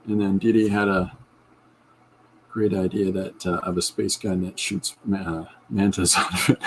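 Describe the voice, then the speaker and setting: A man's voice: low voice, little pitch movement, normal speed, a little hiss or hum, poor audio. A man hosting his own podcast, chatting casually and enthusiastically about his comic ideas in a rambling way with frequent restarts. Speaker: podcast host and comic artist. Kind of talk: casual livestream chat.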